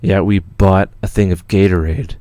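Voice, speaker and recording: Young man, from Canada, deep voice, dry close sound, rambling casual livestream chat, lots of fillers. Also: steady tone, moderate pace, dark tone, dry recording. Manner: rambling, laid-back storytelling with many fillers and swearing. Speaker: music producer hosting a live Q&A stream. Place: home studio.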